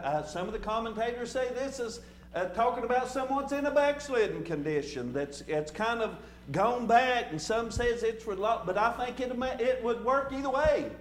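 A man with a notably high voice preaches a folksy sermon, doubling back on his words and leaning on fillers. His voice rings in a roomy church, with a faint hum under it. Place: church sanctuary.

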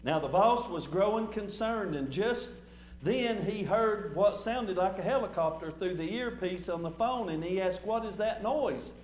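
A man with a notably high voice preaches a folksy sermon, doubling back on his words and leaning on fillers. His voice rings in a roomy church, with a faint hum under it. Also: unhurried. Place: church sanctuary.

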